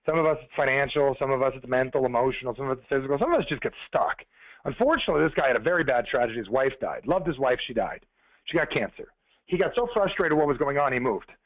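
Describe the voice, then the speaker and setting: A man telling a motivational story on a conference call, talking fast and conversationally, addressing the listeners directly. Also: mid-range voice, expressive, no echo. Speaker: motivational speaker. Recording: tinny phone-line call.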